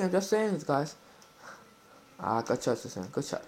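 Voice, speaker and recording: A man giving live commentary while playing a football video game, exclaiming and swearing excitedly at the action. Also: on the high side, unhurried.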